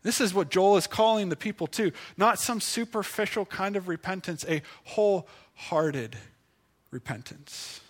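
A man preaching a sermon as pastor, earnest and pleading, slowing for emphasis and dropping to a hush. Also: high voice.

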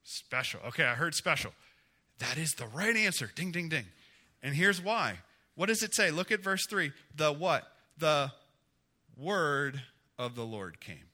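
A male pastor giving a conversational sermon, asking the congregation questions and growing emphatic and animated. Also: a little high, measured pace.

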